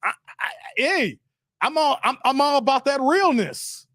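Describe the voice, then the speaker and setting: A man's voice: extremely high pitch, very animated, a little slow, bright, forceful tone, no room sound, studio quality. A man hosting a casual livestream, reading viewer comments and teasing them playfully with slang. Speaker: livestream host.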